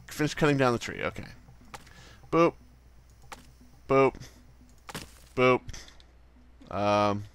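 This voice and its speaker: A man's voice: lowish voice, bright, forceful tone, clean tone. A man casually commenting on his own gameplay, goofy and swearing, with silly sound effects. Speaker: let's play host.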